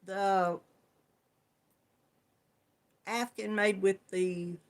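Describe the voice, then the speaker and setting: A woman's voice: mid-range voice, fairly even intonation, drawn-out words. A woman hosting a crafting channel, chatting casually on a live stream, laughing often and greeting viewers by name.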